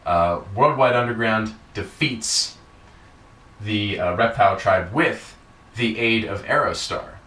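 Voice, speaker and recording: A man's voice: lowish voice, slow pace, sharp tone. A man hosting a podcast, casually recapping a wrestling show in a rambling way, full of fillers and swearing. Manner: rambling, filler-heavy, profane. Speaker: podcast host. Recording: echoey room, distant mic.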